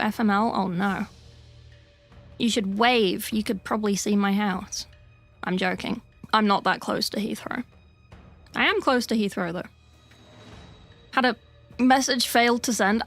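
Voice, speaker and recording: Chatty, sweary British woman streaming. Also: fairly high pitch. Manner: chatty, sweary, deadpan joking asides. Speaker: livestreamer painting miniatures. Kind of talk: casual livestream chat reading chat messages.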